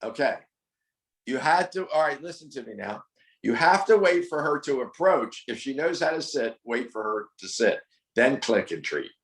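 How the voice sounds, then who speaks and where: A man's voice: mid-range voice, very animated, moderate pace, fairly bright tone, roomy sound, poor audio. A man coaching a dog owner through training drills, firm and corrective, repeating his instructions. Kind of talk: hands-on coaching over a call.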